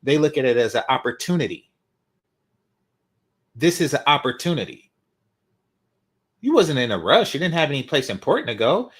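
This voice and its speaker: A man's voice: medium pitch, sing-song, moderate pace, long pauses. A man reacting to a video, mocking and emphatic, repeating his points for effect. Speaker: reaction commentator.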